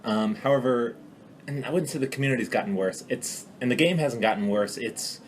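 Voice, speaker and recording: A man's voice: mid-range voice, fairly quick, slight background noise. A man in an interview, reasoning through a point and repeating words as he searches for them. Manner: repeats words, builds an argument.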